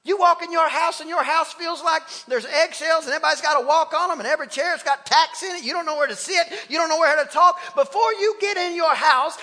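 Male pastor, very high and forceful voice, impassioned sermon with call-and-response, long church-hall reverb. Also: a little fast, hardly any pauses. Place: church sanctuary.

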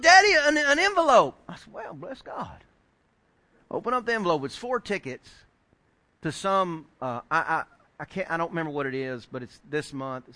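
A middle-aged man preaching a sermon, telling a story with lively acted-out quotes and building to shouted points. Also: mid-range voice. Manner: animated storyteller acting out quoted voices, rising to shouts. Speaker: pastor.

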